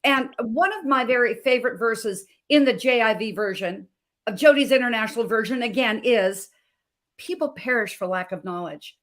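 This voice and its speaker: Passionate high-voiced woman health coach. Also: moderate pace, fairly bright tone. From Montana. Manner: passionate, emphatic, repeats phrases. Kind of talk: emotional personal story on a talk show.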